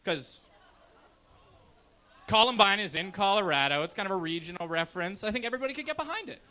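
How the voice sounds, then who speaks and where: Young Canadian male comic, high and lively, bright edge, brash deadpan stand-up. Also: quick pace. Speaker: stand-up comedian. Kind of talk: stand-up comedy set. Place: comedy club stage.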